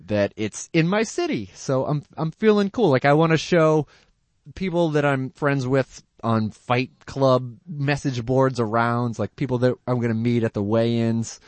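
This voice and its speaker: A man's voice: mid-range voice, measured pace, no echo. A man co-hosting a casual podcast chat, rambling and laughing often, from the Boston area. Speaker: podcast co-host.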